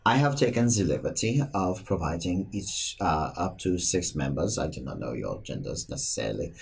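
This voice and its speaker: A man voicing a formal, polite male church agent who talks in measured, old-fashioned phrases during a tabletop game. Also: low voice, lively intonation, vocal fry, husky, exaggerated voice. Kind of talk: tabletop role-play character voice.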